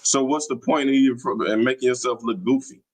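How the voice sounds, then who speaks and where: A man's voice: mid-range voice, steady tone, a little fast, rough recording. A man hosting a livestream, talking in a combative, taunting, slangy way. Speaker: livestream host. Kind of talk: casual livestream talk. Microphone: streaming mic.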